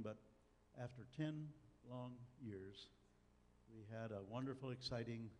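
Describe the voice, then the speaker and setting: Older preacher in a reverberant hall. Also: male voice, mid-range voice, darkish tone, a little hiss or hum. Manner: folksy storytelling with dry humor. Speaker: pastor. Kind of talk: sermon. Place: church sanctuary. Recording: long church hall reverb, faint ambience.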